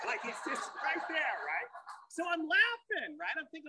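A man doing a crude, rambling stand-up comedy set, telling stories with animated put-on voices. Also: very high-pitched, normal speed, background noise.

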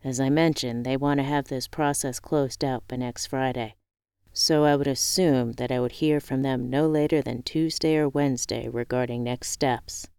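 A man's voice: mid-range voice, fairly even intonation, moderate pace, creaky, clear, resonant tone, no echo, clean studio sound, lightly acted. A woman reading the part of a male friend who teases and encourages over the phone. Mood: teasing. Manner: warm teasing, encouraging.

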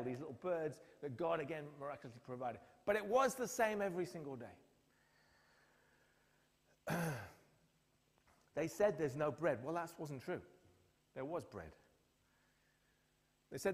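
A man preaching a sermon, telling the story with acted-out quotes. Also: a little high. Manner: storytelling, acts out quotes with lively voices. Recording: long hall reverb.

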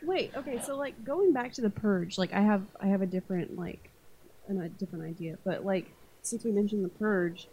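Woman podcast host, mid-pitched, loose and giggly, casual swearing, easy banter. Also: fairly quick, dark tone, dull audio, slight background noise. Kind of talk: casual chat.

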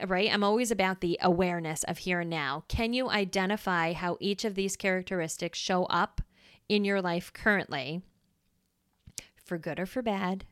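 Smooth-voiced chatty woman podcaster. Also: medium pitch, dry recording, studio quality. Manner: chatty, checks in with "right?", acts out quick voices. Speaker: podcast host. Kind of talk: casual solo podcast explainer.

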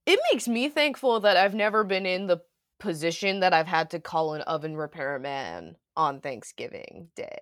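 A young woman chatting on a podcast, rambling through her thoughts with constant "like" and easy laughter. Her voice sits fairly low for a woman. The sound is dry and close, with no room around it. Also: expressive, normal speed, a bit bright, dry recording. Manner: rambling, lots of "like", laughs often. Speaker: podcast co-host. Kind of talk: casual chat.

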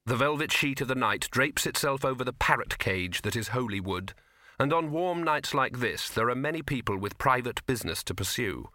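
Male audiobook narrator, measured storytelling, bright, dry close mic. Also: mid-range voice, expressive, no room sound. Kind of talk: scripted narration.

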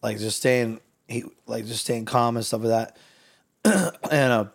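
Animated male podcast host, gravelly, mid pitch, relaxed storytelling. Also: a little slow. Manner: animated, acts out the voices in his story. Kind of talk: casual storytelling chat.

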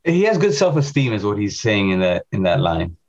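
A man's voice: on the low side, big pitch swings, brisk, a little mellow, lo-fi sound. A man co-hosting a podcast, chiming in with short, laughing remarks. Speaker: podcast co-host. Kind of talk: casual podcast banter.

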